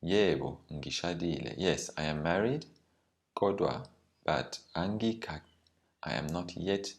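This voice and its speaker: A male language teacher explains words and grammar step by step. He talks carefully, pausing with ums and slowing down on key terms. His voice sits extremely low. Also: gravelly.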